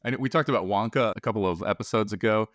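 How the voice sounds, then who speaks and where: Man, podcast co-host, low voice, rambling and chuckly, dry close sound. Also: very fast, no echo. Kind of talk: casual conversation.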